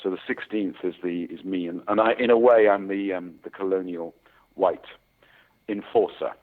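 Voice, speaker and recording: Man in his sixties, very deep voice, rambling with fillers, phone-like tinny sound. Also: fairly even intonation, moderate pace. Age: 60s. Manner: rambling, many fillers and restarts. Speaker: actor guest. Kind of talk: casual interview chat.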